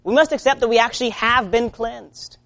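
A woman preaching a sermon in an earnest way. She moves between loud urging and quiet, low-spoken lines. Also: normal speed.

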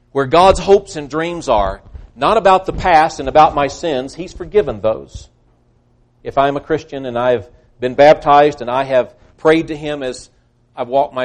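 A male preacher giving a sermon, earnest and emphatic, quoting scripture at length. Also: medium pitch.

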